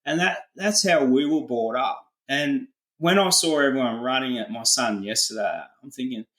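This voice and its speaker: A middle-aged Australian farmer telling a laid-back story full of colloquial slang in a casual interview. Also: male voice, medium pitch, normal speed, fairly bright tone, reverberant, poor audio. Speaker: farmer, podcast guest.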